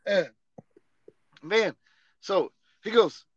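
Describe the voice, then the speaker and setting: A man, an Army veteran and podcast host, telling a casual, animated story full of swearing and "you know what I mean". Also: high-pitched, very slow, dull audio.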